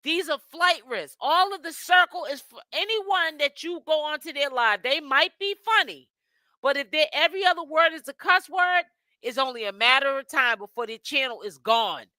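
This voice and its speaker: A woman's voice: high-pitched, expressive, normal speed, pushed and bright, dry recording. A woman hosting gossip commentary, talking bluntly and critically as she explains and picks apart what others said. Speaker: commentary channel host.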